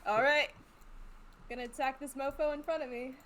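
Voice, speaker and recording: A woman's voice: high voice, steady tone, normal speed, fairly bright tone, a little hiss or hum. A woman player in a casual tabletop game session, brash, joking and swearing.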